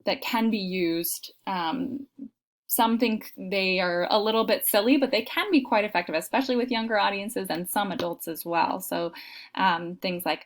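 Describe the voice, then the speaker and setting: A woman's voice: medium pitch, moderate pace. A woman giving a recorded lecture on teaching, explaining steps with frequent fillers and spoken examples. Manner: explanatory, frequent ums, demonstrates intonation aloud. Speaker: teacher trainer.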